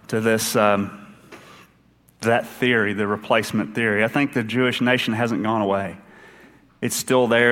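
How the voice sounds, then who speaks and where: A man's voice: mid-range voice, fairly bright tone, in a large hall. A man with an Eastern Kentucky accent, an associate minister giving a sermon in an earnest, conversational way with personal asides.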